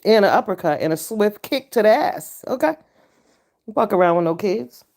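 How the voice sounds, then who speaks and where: A woman's voice: moderate pace, gravelly. A woman hosting a casual livestream chat, blunt and stern, talking back to her viewers. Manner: blunt, profane and stern, with animated pitch jumps. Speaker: livestream host.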